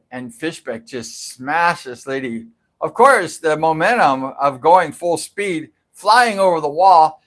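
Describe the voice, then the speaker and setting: A middle-aged man hosts his own livestream and tells a story in a loose, rambling way, circling back and repeating himself. His voice sits a bit high for a man, and he talks slowly and unhurriedly. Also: a bit bright. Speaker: livestream host telling a racing story. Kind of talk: casual storytelling.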